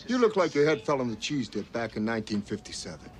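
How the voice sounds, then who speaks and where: A man's voice: medium pitch, sing-song, quick pace, natural voice. A man playing a brash wisecracking drifter. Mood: mocking. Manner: mocking, loud, swaggering taunts. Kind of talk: action film dialogue.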